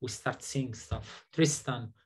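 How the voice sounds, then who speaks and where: A man's voice: medium pitch, slow. A man hosting a casual group discussion, hesitant, with many fillers and restarts, playful and laughing often. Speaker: seminar host.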